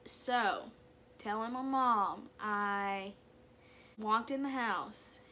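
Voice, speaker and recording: A young woman telling a personal story in a chatty, animated way, full of "like"s. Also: medium pitch, extremely slow, slight background noise. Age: young adult. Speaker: vlogger.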